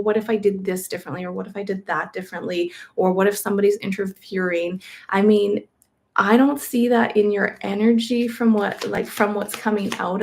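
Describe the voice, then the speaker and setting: A woman giving a live-stream tarot reading, gentle and reassuring, rambling with many fillers, her voice crackling. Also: mid-range voice, vocal fry. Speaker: tarot reader.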